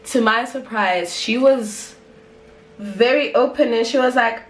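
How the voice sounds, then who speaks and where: A young South African woman telling a story in a casual, animated vlog, chatty and full of fillers. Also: on the high side, measured pace, recorded from a distance. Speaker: vlogger. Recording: roomy echo, off-mic.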